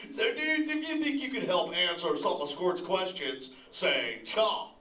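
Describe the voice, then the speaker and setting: Crush, a mellow surfer-dude sea turtle dad, played by a man, drawling slang in a slightly high, bright voice. He laughs easily and talks right to the crowd in a live cartoon show. The sound is echoey and a little distant, as if heard from across a hall. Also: unhurried, full character voice. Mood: stoked, laid-back. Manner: lively, laughs often, talks straight to the audience. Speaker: live show performer chatting with an audience.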